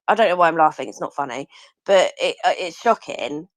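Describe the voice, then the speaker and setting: A woman in a casual online group chat, speaking in a lively way and laughing between words. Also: on the low side, moderate pace, no echo. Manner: lively, laughs while talking.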